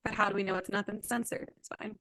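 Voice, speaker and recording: A woman hosting a book podcast, talking in a lively, opinionated way and laughing often. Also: medium pitch, fast, creaky, no echo. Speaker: podcast host. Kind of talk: casual chat.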